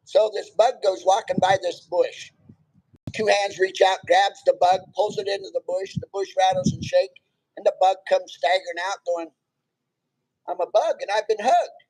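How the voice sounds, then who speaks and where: A man's voice: sits high, fairly even intonation, measured pace, a little mellow, slight background noise, low-quality recording. A man, a Navy veteran guest, telling stories and jokes in a casual chat by a campfire and laughing often. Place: outdoors by a campfire.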